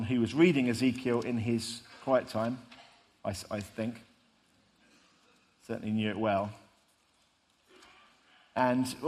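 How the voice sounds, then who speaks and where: Male preacher, mid-pitched, conversational sermon delivery, long hall reverb. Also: a little mellow. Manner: storytelling, emphatic, conversational.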